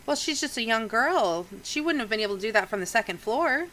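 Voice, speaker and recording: A woman's voice: fairly high pitch, expressive, brisk, bright, forceful tone, slight background noise, rough recording. A woman voicing a worried halfling mother who is flustered and close to tears, in a tabletop game. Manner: fretful, breathless pleading. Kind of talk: tabletop role-play voicing.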